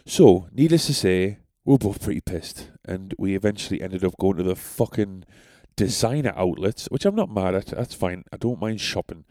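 A man's voice: sits low, expressive, moderate pace, hardly any pauses, dark tone, no room sound. A young man who tells stories on a podcast in a rambling, sweary, self-deprecating way. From North East England. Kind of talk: casual storytelling.

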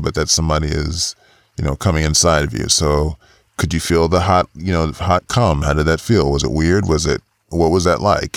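A man hosting a casual interview who asks playful, probing follow-up questions in quick succession. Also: rumbling low, vocal fry, no room sound, clean studio sound. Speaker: podcast host.

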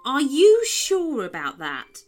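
A woman voicing a gentle, cautious female unicorn in a storybook, speaking calmly and questioningly. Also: high voice, soft background music, pitched above the performer's own voice, heavily acted. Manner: calm, questioning, measured.

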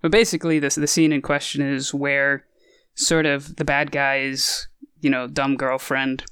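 A man's voice: mid-range voice, level tone, measured pace, a bit bright, clear, resonant tone, no echo, clean studio sound. A man casually discussing a movie on a podcast, rambling and hesitant with many fillers. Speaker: podcast co-host.

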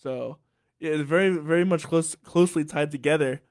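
Male podcast host, curious, encouraging, a bit high-pitched. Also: fairly quick. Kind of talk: casual interview chat.

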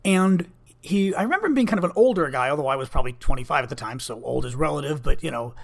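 A man's voice: fairly high pitch, animated, fast talker, gravelly. A man in his fifties candidly telling a personal story in a casual monologue, conversational and blunt. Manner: candid, conversational, with fillers and restarts, blunt language. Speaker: vlogger, former Senate staffer.

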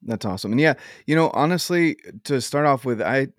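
A man's voice: mid-range voice, expressive, fairly quick, no echo. Upbeat male podcast host, dry sound. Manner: upbeat, rambling, promotional. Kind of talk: podcast intro and interview.

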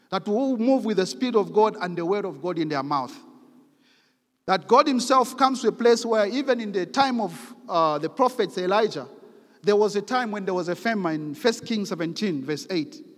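Preacher man with a booming hall echo. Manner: emphatic, reads scripture aloud with rising force. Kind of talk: sermon. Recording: long hall reverb.

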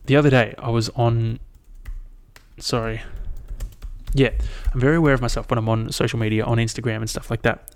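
A young Australian man chatting alone into a mic, rambling and swearing freely as he retells his week. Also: mid-range voice. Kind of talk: casual solo chat.

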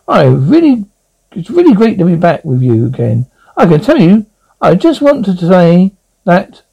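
A man's voice: sits high, huge pitch swings, normal speed, vocal fry, warm tone, slightly rough, dull audio, full character voice. A man voicing an overeager spaceship computer that gushes cheerfully in a storybook reading. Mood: gushing. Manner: chirpy, gushing.

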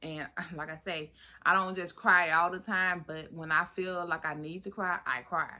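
A woman hosting her own podcast in a casual solo chat, animated and expressive, calling listeners honey and baby. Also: fairly low pitch. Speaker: podcast host.

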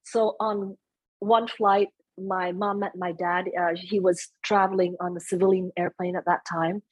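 A soft-spoken woman being interviewed, chatting casually and mixing in Vietnamese phrases. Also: fairly low pitch, level tone, a little slow, husky, no room sound, low-quality recording. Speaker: interview guest. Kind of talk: casual conversation.

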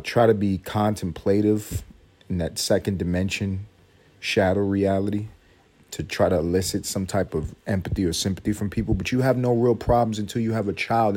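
Husky new guy on his podcast, low voice, cussing and ranting about his kid. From New York. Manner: profane, animated, exasperated. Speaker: podcast host. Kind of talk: casual storytelling monologue.

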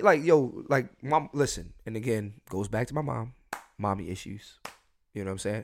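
A young man hosting a solo podcast, blunt and swearing freely, his voice swinging between loud and quiet. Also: on the high side. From Philadelphia. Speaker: podcast host.

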